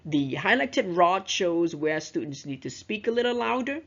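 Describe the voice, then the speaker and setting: A teacher trainer gives a recorded lecture on teaching pronunciation, walking through it step by step and frequently checking in with "right?" and "you know." Her voice is on the low side, with lively intonation and a normal pace. The recording is dull and lo-fi.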